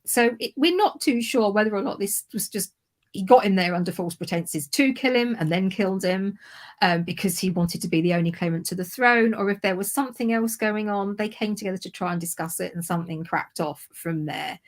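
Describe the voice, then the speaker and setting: A woman's voice: medium pitch, brisk. A woman co-hosting a history livestream, telling the story in a loose, rambling way, correcting herself and laughing at her own slips. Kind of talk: casual chat.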